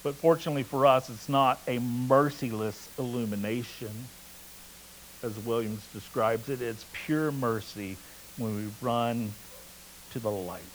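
A man preaching a sermon in a conversational, casual way, telling stories and reading scripture aloud between relaxed asides. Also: medium pitch, unhurried, slight background noise, low-quality recording. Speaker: pastor.

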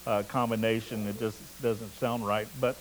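A man preaching a sermon in a conversational, casual way, telling stories and reading scripture aloud between relaxed asides. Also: fairly low pitch, moderate pace, low-quality recording. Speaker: pastor.

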